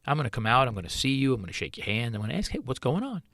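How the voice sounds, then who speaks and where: A man's voice: medium pitch, expressive, rapid-fire, vocal fry, sharp tone, a little hiss or hum. A middle-aged man, a chef hosting his own podcast, talking earnestly in a solo monologue full of rhetorical questions.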